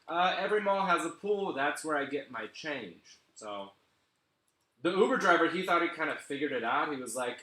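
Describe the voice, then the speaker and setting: A man doing a stand-up set for a live stream, sardonic and deadpan, laughing at his own jokes. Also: fairly high pitch, normal speed, reverberant. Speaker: stand-up comedian.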